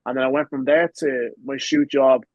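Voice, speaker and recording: A man's voice: medium pitch, steady tone, normal speed, no room sound, lo-fi sound. A man in his twenties with an Irish accent, a podcast guest telling long rambling stories and swearing freely in casual chat. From Ireland. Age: 20s. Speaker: guest, pro wrestler.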